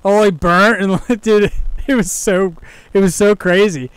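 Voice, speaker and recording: A man's voice: high voice, unhurried. A man co-hosting a podcast in casual chat, telling stories with lots of laughs and swearing. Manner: animated storyteller, laughs often, swears. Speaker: podcast co-host.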